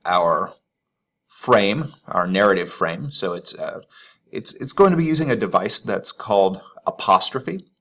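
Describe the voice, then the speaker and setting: Low, gravelly-voiced man teaching. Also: fairly bright tone. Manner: thinking aloud, loose and conversational. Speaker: literature teacher. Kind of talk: informal recorded lecture.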